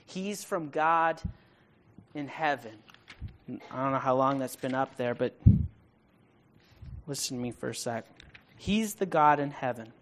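A preacher giving a casual, conversational sermon, asking rhetorical questions and paraphrasing in modern slang, building to loud emphatic bursts. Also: medium pitch, normal speed, pauses often, a little hiss or hum.

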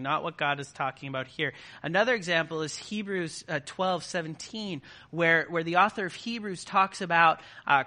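A man's voice: sits high, sharp tone. A man preaching a conversational sermon to a live congregation, often checking in with his listeners. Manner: conversational, keeps checking in with the audience.

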